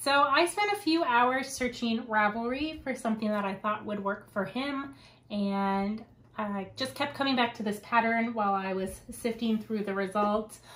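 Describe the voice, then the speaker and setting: A woman's voice: on the high side, normal speed, a bit bright. Young adult woman, podcast host, casual and talkative with easy laughs. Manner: chatty, laughs often, wanders onto tangents. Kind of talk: casual chat.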